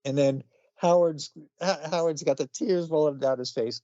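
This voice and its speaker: A middle-aged man's fairly high but dark-toned voice comes through a dry, dull lo-fi recording as he co-hosts a podcast reviewing comics. At a moderate pace, he chats casually and rambles, with restarts, self-corrections, and chuckling asides.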